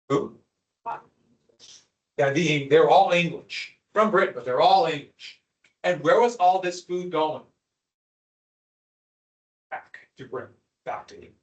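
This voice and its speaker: A man teaching a history lecture to a class, animated and quizzing students as he goes. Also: high voice. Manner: animated, asks the class questions. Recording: echoey classroom from far off.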